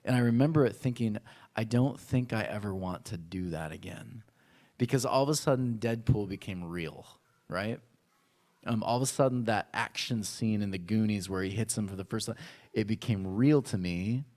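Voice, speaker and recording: A male pastor telling a personal story in a sermon, acting out voices from his childhood with lively animation. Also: fairly low pitch, moderate pace. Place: church.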